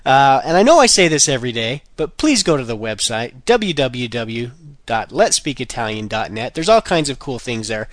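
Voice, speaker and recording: A man hosting a casual podcast lesson, saying each word and its meaning, then repeating it slowly, with jokey asides. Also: medium pitch, big pitch swings, no room sound, clean studio sound. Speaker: language podcast host.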